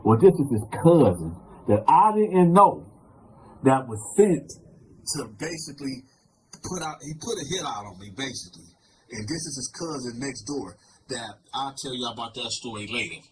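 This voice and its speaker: Animated man telling a prison story. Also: mid-range voice, moderate pace, a little hiss or hum, poor audio. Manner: animated, acts out every voice. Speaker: storyteller host. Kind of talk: casual storytelling to viewers.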